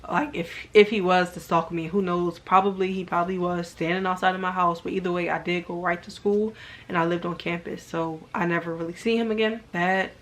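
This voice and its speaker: A woman's voice: lowish voice, fairly even intonation, a little fast, a bit bright. Young woman rambling through a storytime. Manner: rambling, heavy use of "like" as filler. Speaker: vlogger. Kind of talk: casual storytime.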